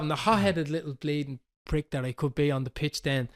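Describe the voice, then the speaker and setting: A man in his thirties with a Dublin Irish accent, telling a football story in casual chat on a podcast, animated and swearing freely. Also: a little high, brisk, few pauses, a crowd in the background. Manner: animated, swearing, quoting others. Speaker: podcast host.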